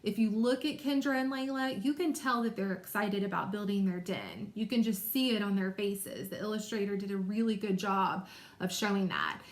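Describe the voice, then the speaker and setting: A woman teacher giving a recorded reading lesson to young children, explaining patiently and clearly. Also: mid-range voice, moderate pace.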